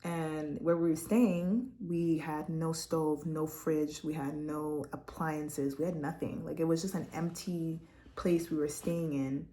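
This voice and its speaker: A woman's voice: deep voice, fairly even intonation, unhurried, mellow. Candid, heartfelt young woman from Quebec. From Quebec, Canada. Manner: candid, heartfelt, chatty, often laughing. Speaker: vlogger. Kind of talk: personal testimony vlog. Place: at home, seated at a laptop.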